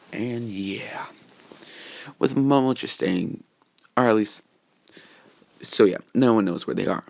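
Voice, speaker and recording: A man's voice: medium pitch, gravelly. A man casually narrating a fan story in a rambling way, with many fillers and restarts.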